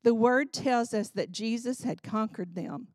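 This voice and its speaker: A woman leading a Bible study, reading aloud from a book and teaching in an earnest, expressive way. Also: fairly high pitch, unhurried, no echo, clean studio sound.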